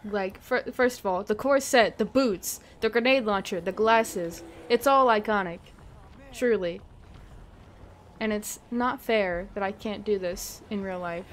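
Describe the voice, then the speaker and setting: Her pitch sits in the middle and her pace is a little slow, with a faint hiss or hum on the recording. She's a young adult woman gaming live, laughing a lot and cursing freely as she chats.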